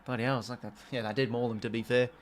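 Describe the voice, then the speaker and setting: Hosting a live watch-along, a young Australian guy calls the match in a relaxed way, with excitable outbursts and the occasional mild swear. His pitch is medium and he races along.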